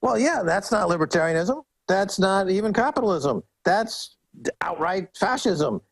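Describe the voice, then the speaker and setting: A man's voice: high voice, expressive, moderate pace, low-quality recording. A man as a guest commentator on a talk show, ranting with mocking sarcasm and many restarts.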